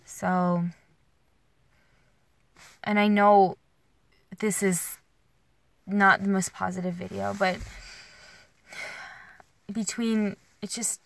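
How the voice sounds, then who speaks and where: A woman's voice: mid-range voice, level tone, drawn-out words, vocal fry, pauses often. A young woman vlogging while driving, rambling through emotional restarts and filler words, sounding worn and alone. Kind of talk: casual venting while driving. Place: in a car.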